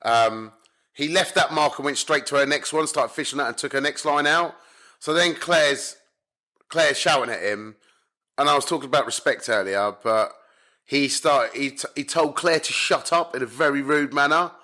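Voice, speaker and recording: A man, a carp angler from the UK, telling stories as a podcast guest in a blunt, animated way, swearing often. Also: fairly high pitch, moderate pace. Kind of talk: casual storytelling chat. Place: home in Spain.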